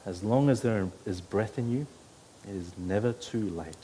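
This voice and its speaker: A man's voice: on the low side, normal speed, warm tone, a little hiss or hum. A pastor preaching an earnest sermon to his church, his voice rising when he quotes scripture.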